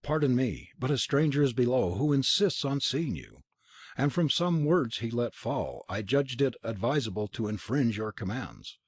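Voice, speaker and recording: A man voicing a pale, anxious servant who speaks in a hushed, deferential way. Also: mid-range voice, big pitch swings, moderate pace, slightly rough, dry recording, clean studio sound.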